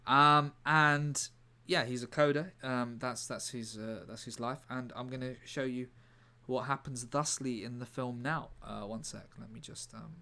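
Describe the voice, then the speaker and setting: A man streaming live in a rambling, deadpan way, breaking off to answer his chat. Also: mid-range voice, unhurried, hardly any pauses. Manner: rambling, deadpan, self-interrupting. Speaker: livestreamer reading chat. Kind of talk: casual livestream chat.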